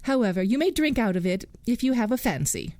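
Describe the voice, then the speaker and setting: A woman's voice: on the low side, animated, slow pace, mellow, dry recording. A woman voicing a rude, sarcastic elder sister in a storybook tale. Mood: scornful. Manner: pert and sarcastic.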